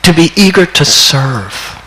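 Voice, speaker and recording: An older man in his sixties, a spiritual teacher telling a devotional story in a slow, deliberate way that climbs to excited peaks. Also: a little high, a little hiss or hum, poor audio. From United States. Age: 60s.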